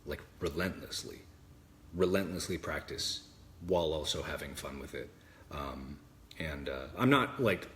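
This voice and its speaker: A man hosting a casual livestream from home, talking earnestly and rambling, often restarting his sentences. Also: sits low. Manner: earnest, rambling, many restarts and self-corrections. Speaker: livestream host. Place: room at home with his dog.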